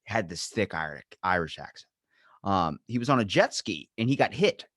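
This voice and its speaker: Podcast host, American man, low voice, dry close sound, rambling joking stories. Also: big pitch swings, normal speed, a bit bright, dry recording. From United States. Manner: joking storyteller, drops to mumbles. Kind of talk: casual chat.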